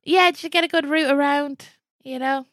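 A woman co-hosts a podcast over a video call in a high, bright voice. Her sound is dry and close. She is playful and throws in quick, giggly asides. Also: steady tone, no room sound. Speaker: podcast co-host. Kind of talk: casual chat.

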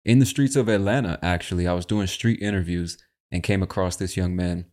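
A man's voice: deep voice, fairly even intonation, fairly quick, a little mellow. A man hosting a casual English-learning podcast in a laid-back, chatty way, swearing now and then. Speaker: podcast host, English teacher.

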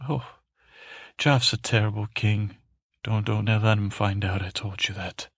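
A timid young boy prince rambles through a bedtime story, stammering and halting, as a man puts him on. His voice is gravelly and a little husky, close and dry, with no room around it. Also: lowish voice, steady tone, dry recording, full character voice. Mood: timid, fretful. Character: timid young boy king's brother, fearful, meek. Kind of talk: bedtime story to help sleep.

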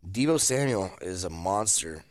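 A man co-hosting a casual sports talk show, animated and excitable, laughing often. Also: deep voice, moderate pace, no room sound, studio quality. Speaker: podcast co-host.

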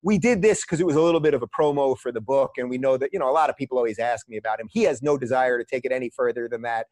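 A middle-aged man, a podcast guest, telling stories in a casual, animated way and often repeating words as he starts phrases. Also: medium pitch, rapid-fire, no room sound, clean studio sound. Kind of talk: casual storytelling. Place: lives in a large US city.

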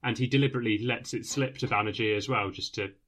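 A man's voice: medium pitch, steady tone, quick pace, a bit bright. A man co-hosting a podcast, agreeing often and explaining points at length in casual chat. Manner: agreeable, explanatory, many yeahs. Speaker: podcast co-host. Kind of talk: casual chat reviewing a TV episode.

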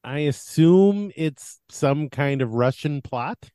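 Wry deadpan man breaking down sports. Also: a little high, slow, clean tone, dry recording, clean studio sound. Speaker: podcast co-host, sports analyst. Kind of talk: casual sports podcast banter.

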